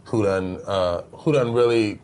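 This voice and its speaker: A man's voice: on the low side, unhurried, darkish tone, low-quality recording. A man guest on a casual podcast interview, telling stories in a laid-back way with frequent fillers and laughs. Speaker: former basketball player guest.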